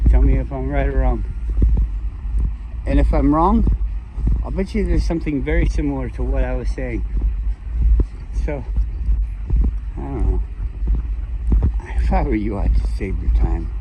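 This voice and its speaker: A man's voice: medium pitch, lively intonation, measured pace, long pauses, noisy background. A man ranting bluntly and profanely in a casual, joking way while walking his dog outside in the cold. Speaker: vlogger. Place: outdoors in the cold.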